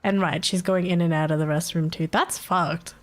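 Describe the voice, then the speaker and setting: A woman's voice: lowish voice, fairly even intonation, moderate pace, soft background music. A young woman streaming live, chatting casually with her chat, swearing and laughing often, her nose blocked so she sounds stuffy.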